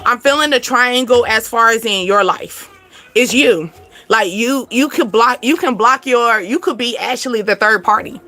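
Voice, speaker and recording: A woman's voice: on the high side, normal speed, sharp tone. A woman, giving a casual spiritual tarot card reading in a chatty, repetitive way with frequent laughs.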